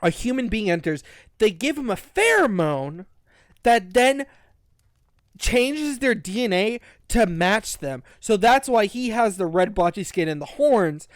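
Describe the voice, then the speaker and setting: A man hosting a casual book-review podcast, retelling the plot in an excited, rambling way. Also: high-pitched, measured pace, dry recording, clean studio sound. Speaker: podcast host.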